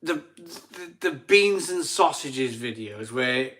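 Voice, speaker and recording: A man's voice: on the high side, expressive, takes it slowly, a bit bright. A middle-aged man hosting a casual live stream, tipsy after a few beers, chatty and laughing at himself as he reads viewer comments. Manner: chatty, laughing, self-mocking, rambling with restarts. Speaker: livestream host reading viewer comments.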